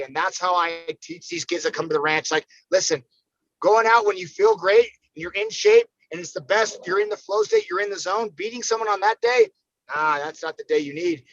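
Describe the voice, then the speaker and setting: An American man talks fast and profanely, pumping himself up as he tells stories on a podcast. His voice sits high and sounds bright and forceful. The sound is dry and a little dull. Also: very animated, gravelly, dry recording. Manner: profane, fired-up, emphatic. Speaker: podcast guest, fighter. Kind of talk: casual podcast chat.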